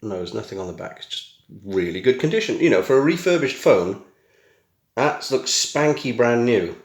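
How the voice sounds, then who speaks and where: A middle-aged British tech vlogger has a medium-pitched, sing-song delivery at a normal speed as he casually unboxes something in a small room at home. His camera mic picks up an echoey room, and he keeps adding dry, self-mocking remarks.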